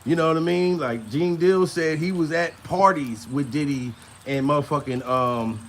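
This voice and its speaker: Crude, rambling comedian man, high gravelly voice. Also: moderate pace, a little hiss or hum. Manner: crude, rambling, laughing between lines. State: out of breath. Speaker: comedian commentator. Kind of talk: casual comedic commentary.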